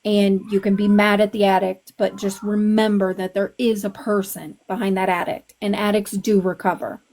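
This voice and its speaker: A woman with a mid-range voice that stays flat and even. She speaks earnestly, lecturing the group steadily in a live chat. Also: medium pitch, normal speed. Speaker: live stream participant.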